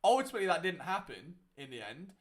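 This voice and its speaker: A man's voice: fairly high pitch, sing-song, fast talker. A young man hosting a casual live watchalong, talking in a rambling way with lots of fillers. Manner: chatty, rambling, many fillers. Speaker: watchalong host. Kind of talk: casual live game commentary.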